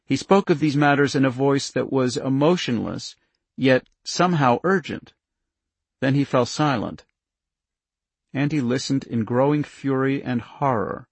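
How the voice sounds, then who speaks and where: A man reading a novel aloud in a measured, even way, dropping his voice for inner thoughts. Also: mid-range voice, husky, no room sound. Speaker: audiobook narrator. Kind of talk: scripted narration.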